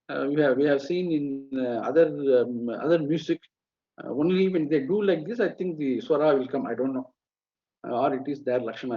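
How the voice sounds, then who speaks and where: A man's voice: on the high side, breathy edge. Indian man teaching Vedic chanting. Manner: halting, many fillers, demonstrates chants mid-sentence. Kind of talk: spoken lecture on chanting rules. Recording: muffled webinar audio.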